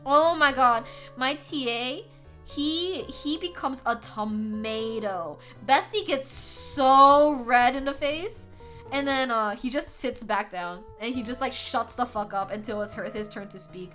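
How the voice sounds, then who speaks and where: A young woman streaming, telling a story to her chat in a casual, animated way, laughing often and swearing freely. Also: on the high side, unhurried, faint music behind. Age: young adult. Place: home streaming setup.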